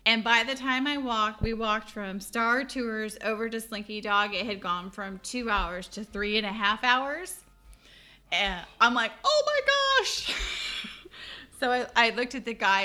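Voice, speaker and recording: Bright-voiced chatty woman. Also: mid-range voice, normal speed. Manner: chatty storyteller, laughs often. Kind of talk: casual chat.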